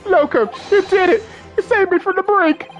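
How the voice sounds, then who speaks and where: Lady doing a squeaky giddy young guy, gushy and dramatic, dull lo-fi sound w faint music. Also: moderate pace. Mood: overjoyed, gushing. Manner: gushing, theatrical, wordplay. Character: excitable anxious young male student. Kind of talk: reading game dialogue aloud.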